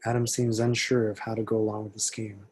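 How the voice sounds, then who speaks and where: For an amateur table read, a man reads the stage directions in a low, husky voice. His delivery is fairly quick, steady, even and matter-of-fact, with very little rise and fall.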